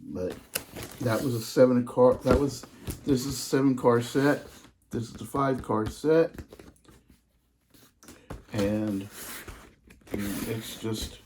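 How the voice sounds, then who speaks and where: A man talks slowly through his model train collection, his voice mellow and dark. He gushes over each piece, now and then dropping into hushed, breathy asides. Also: mid-range voice, slight background noise. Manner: excited, gushing, trails off in hushed asides. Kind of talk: casual hobby vlog.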